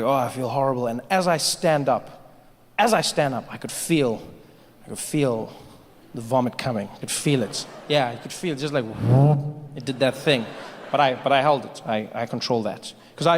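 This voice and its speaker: A man's voice: a little high, slight background noise. A man performing stand-up comedy, telling a story and acting out the people in it. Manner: animated storytelling, acting out voices. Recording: live hall with reverb, faint ambience.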